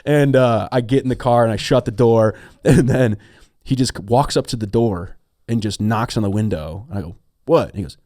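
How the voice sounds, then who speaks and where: A man's voice: medium pitch, normal speed, dark tone, no room sound, studio quality. A man from Ohio hosting a podcast, telling a story in casual chat, acting out the people in it and laughing often. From Ohio, USA. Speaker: podcast host.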